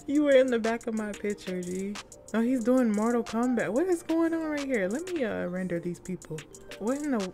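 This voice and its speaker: A young woman giving casual, excitable commentary while exploring a game, chatting to her viewers in slangy, upbeat talk. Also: medium pitch. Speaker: gaming YouTuber.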